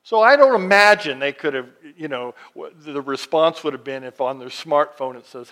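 Preaching as a pastor, a man reads scripture slowly, his animated, slightly high voice swinging from booming emphatic lines down to hushed ones.

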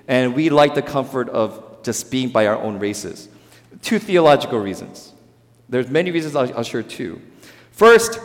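Korean-born male pastor preaching in a reverberant hall. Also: mid-range voice. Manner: emphatic, swings between loud stresses and quiet drops; acts out quoted voices in dialogue. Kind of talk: sermon.

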